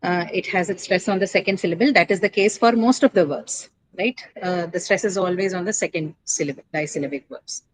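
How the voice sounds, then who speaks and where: A woman's voice: on the low side, brisk, few pauses, rough recording. A woman teaching English word stress in a classroom lecture, explaining patiently, asking students questions and often checking with "right?".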